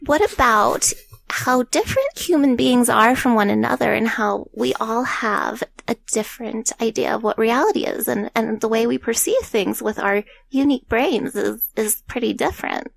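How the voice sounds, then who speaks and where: A woman voicing a stereotypical sweet elderly grandmother, in a high put-on old lady voice. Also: normal speed, vocal fry. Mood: doting.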